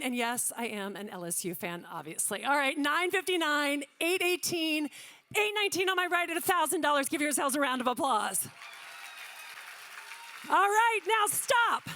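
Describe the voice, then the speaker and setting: A woman from Louisiana calling paddle numbers as a charity auctioneer, rattling off bids quickly with joking asides to the room. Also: high voice, fairly bright tone. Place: large banquet hall.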